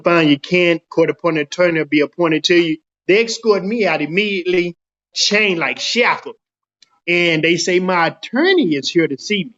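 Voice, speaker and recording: A man's voice: fairly high pitch, muffled recording. A middle-aged man from Dallas tells his own story in a casual interview, acting out the voices of the people in it. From Dallas, Texas. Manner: animated storyteller acting out quoted dialogue.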